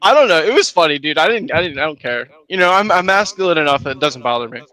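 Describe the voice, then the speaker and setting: A man with a bright, slightly high voice hosts a loose live stream hangout. He laughs easily and talks in a relaxed, joking way, speaking into a remote call mic. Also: fast, rough recording. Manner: laughs often, easygoing. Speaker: host. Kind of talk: casual chat.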